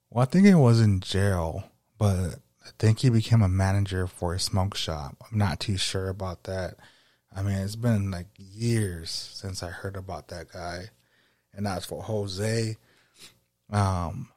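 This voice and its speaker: Casting: young male podcast host, low mellow voice, laid-back rambling storyteller, dry close sound. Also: no echo.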